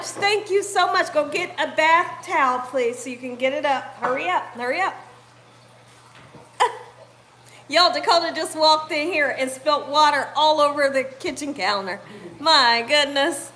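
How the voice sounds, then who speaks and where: High bright-voiced woman hosting a live cooking stream. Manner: chatty, greets viewers by name, laughs often. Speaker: cooking channel host. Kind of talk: live-stream chat with viewers. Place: home kitchen.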